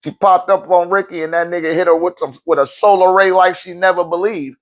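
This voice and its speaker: High-pitched, emphatic, profane male speaker. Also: fairly even intonation, a little fast. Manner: profane, emphatic, laughs often; repeats words while restarting phrases. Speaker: spiritual teacher and event host. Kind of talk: casual motivational talk.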